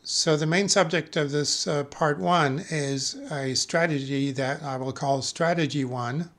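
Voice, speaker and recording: A man giving a technical lecture as a conference speaker, measured and careful, pausing often with fillers and correcting himself mid-word. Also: a little high, fairly bright tone. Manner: measured, with frequent filler pauses and self-corrections.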